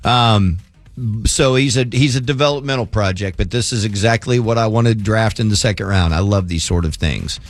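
A man co-hosting a sports radio show, talking through basketball draft picks casually, often pausing with fillers. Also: lowish voice, dry recording, faint music behind. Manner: casual, thinking aloud, hesitant fillers. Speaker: radio co-host. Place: radio studio. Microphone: studio microphone.

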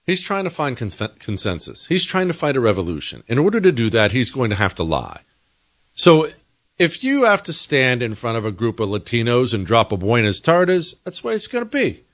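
A man's voice: mid-range voice, huge pitch swings, moderate pace, fairly bright tone, dry recording, studio quality. A man hosting a political commentary monologue, talking in an opinionated, emphatic way. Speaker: host.

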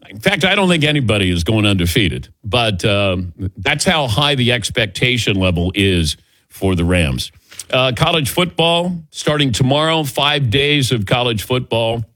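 A man's voice: mid-range voice, unhurried, no room sound. A man hosting a sports talk show, telling stories with wry asides. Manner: animated storytelling, wry asides. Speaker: sports radio host.

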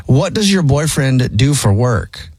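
A man hosting a radio show segment, briskly explaining the game rules to a caller from a studio. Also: mid-range voice, big pitch swings, darkish tone, breathy edge, no echo. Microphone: studio microphone.

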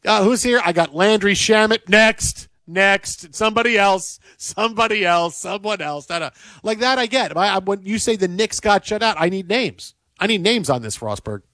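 High-voiced man ranting on sports talk. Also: a little fast, dry recording. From Detroit area. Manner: animated, repetitive, rants with mock indignation. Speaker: sports radio co-host. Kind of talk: casual sports talk banter.

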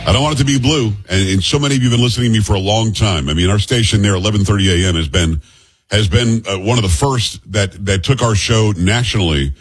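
A man's voice: lowish voice, quick pace, few pauses, breathy edge, faint music behind. A man hosting political talk radio, rambling and restarting his phrases.

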